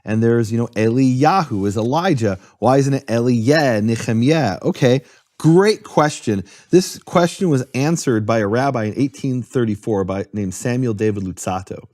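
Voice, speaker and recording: A man's voice: mid-range voice, lively intonation, normal speed, a little mellow, no room sound. A man with a mid-range voice talks through a topic in an earnest, explanatory way, defining each term as he goes. The sound is dry and close, with no room around it. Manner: earnest, explanatory, spells out terms. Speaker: guest explaining Hebrew. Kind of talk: conversational explanation.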